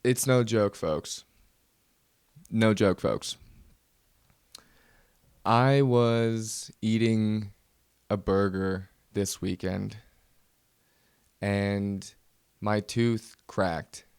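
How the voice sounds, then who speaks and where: A man's voice: lowish voice, steady tone, extremely slow, long pauses, darkish tone, clean tone, no echo, studio quality. A man hosting his own comedy podcast, ranting nervously and mocking himself. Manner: nervous, self-mocking rant. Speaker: podcast host. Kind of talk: solo comedy podcast monologue.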